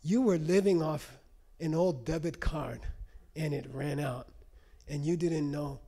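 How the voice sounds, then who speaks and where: A man's voice: on the high side, fairly even intonation, measured pace, vocal fry, mellow. Man lecturing live, checking in often. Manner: conversational teaching, frequent "okay?" check-ins. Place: lecture room.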